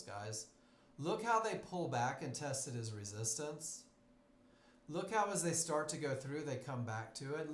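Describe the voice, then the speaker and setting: A man teaching a live trading webinar. He speaks with emphasis, repeats his key phrases and calls his class "guys". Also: fairly high pitch. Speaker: trading instructor. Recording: echoey room, faint noise.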